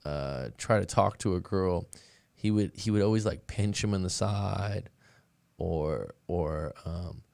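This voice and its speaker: A man's voice: low voice, takes it slowly, vocal fry, darkish tone, no room sound. A man hosting a breakup coaching podcast, chatting casually with his live audience and telling a rambling story full of restarts, calling listeners "boss man.".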